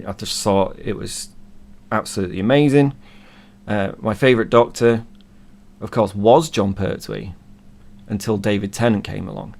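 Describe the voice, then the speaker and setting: A man in his thirties, hoarse from being ill, chatting casually and rambling enthusiastically as a co-host. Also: lowish voice. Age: 30s. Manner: rambling, enthusiastic fan talk. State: hoarse from illness. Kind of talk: casual chat.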